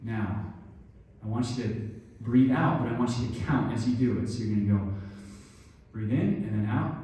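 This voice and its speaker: Speaking at a moderate pace in a warm, lowish voice, a middle-aged man is recorded far from the mic in a very echoey room. He teaches about stress and injury, explaining things and talking straight to his listeners, and walks them through a guided breathing exercise.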